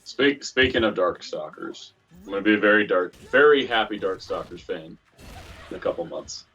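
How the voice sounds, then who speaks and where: A man on a game stream chatting casually, rambling excitedly like a fan with quick asides. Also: sits low, husky, dull audio. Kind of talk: casual chat. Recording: distant mic with music playing.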